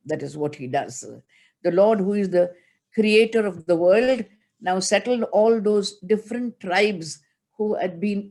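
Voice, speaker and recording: A woman's voice: mid-range voice, a little mellow. A woman giving a spiritual discourse, chanting Sanskrit verses and then explaining them in an earnest, emphatic way. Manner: earnest and emphatic, with light laughs. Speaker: spiritual teacher.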